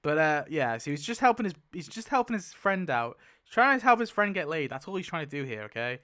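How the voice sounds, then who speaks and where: A man giving casual, excitable commentary while spinning a wheel, laughing often and mumbling lists to himself. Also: fairly high pitch, a little fast. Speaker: YouTuber.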